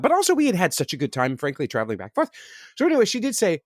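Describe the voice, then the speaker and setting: A man in his forties co-hosting a podcast, telling a story in a casual, animated way and acting out other people's lines in voices. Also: high voice, rapid-fire, dry recording, clean studio sound. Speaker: podcast co-host. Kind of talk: casual chat.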